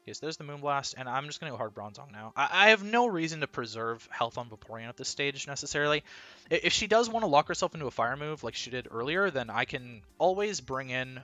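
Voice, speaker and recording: A man's voice: mid-range voice, very animated, quick pace, pushed and bright. A man commentating his own competitive battle live, thinking aloud analytically with bursts of disbelief.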